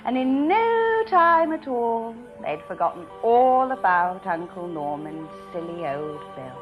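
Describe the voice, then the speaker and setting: A woman's voice: mid-range voice, very animated, a little slow, few pauses, faint music behind, poor audio. A woman doing a mock bedtime story in a sing-song, childish storytelling voice with giggles, on a TV comedy show. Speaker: comedy performer.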